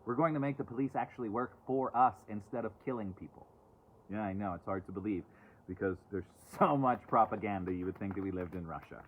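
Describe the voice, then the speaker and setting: This oracle card reader chats his way through a relaxed live-stream reading, fairly quickly, with a lowish voice and sarcastic side comments. Recorded on a phone outdoors and away from home, the sound is tinny and phone-like, with slight background noise.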